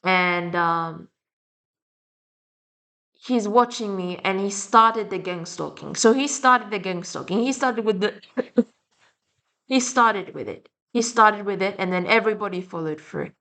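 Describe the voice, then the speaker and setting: In an unhurried medium-pitched voice that is a bit bright, she pauses often while ranting to camera. The young adult vlogger has a French and Slavic accent and rambles bluntly, swearing frequently.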